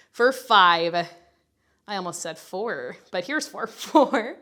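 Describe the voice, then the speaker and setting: A woman with a fairly low, sharp-toned voice coaches a Pilates workout at a very slow pace, her intonation lively. Slightly winded from exercising along, she keeps up cheerful, chatty instruction and counts reps.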